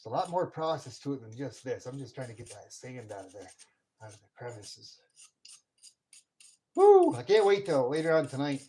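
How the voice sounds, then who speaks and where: A man chatting casually on a live stream about his metal casting, excitable, often whooping and laughing. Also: mid-range voice, brisk, slightly rough.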